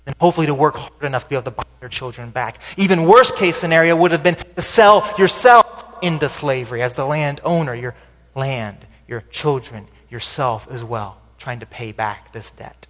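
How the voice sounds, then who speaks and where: A man with a fairly high voice gives a sermon in a church sanctuary, and it sounds conversational, with rhetorical questions thrown in. His voice climbs for emphasis and trails off quietly at the ends of phrases. The recording carries a long hall reverb. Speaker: pastor.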